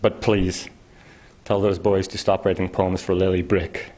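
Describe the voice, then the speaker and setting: A man's voice: sits low, little pitch movement, measured pace, darkish tone. A man voicing the sun as a comical Bolshevik, with a bad fake Russian accent and a mock-grand manner.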